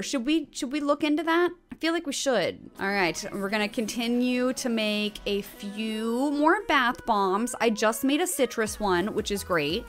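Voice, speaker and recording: A woman streamer giving bubbly, chatty commentary while playing a life-sim game, often gasping with excitement and talking to her viewers. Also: on the high side, unhurried, hardly any pauses. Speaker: gaming streamer. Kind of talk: casual gameplay commentary.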